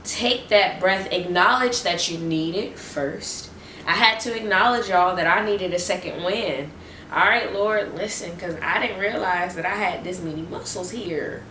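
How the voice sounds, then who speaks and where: A woman giving an excited, restless motivational faith talk to her viewers, repeating her refrains. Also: mid-range voice, unhurried, slight background noise. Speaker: Christian vlogger. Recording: roomy echo, distant mic.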